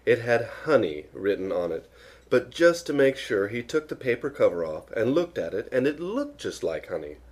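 Husky man reading a bedtime story. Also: medium pitch, big pitch swings, moderate pace. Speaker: reader. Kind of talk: reading a children's story aloud.

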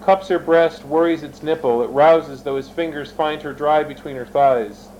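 A man's voice: fairly high pitch, steady tone, normal speed, a little mellow, dull audio, slight background noise. A man reading his own fiction aloud, switching between narration and character voices and speaking directly to his listeners. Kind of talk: dramatic reading of an erotic story.

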